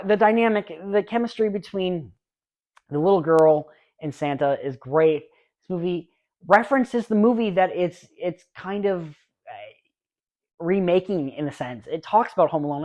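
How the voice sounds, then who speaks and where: A man's voice: fairly high pitch, lo-fi sound. A man in his late twenties talking casually and eagerly about his favorite movies, rambling with restarts and asides. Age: late 20s. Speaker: YouTube movie reviewer. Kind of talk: casual movie review vlog.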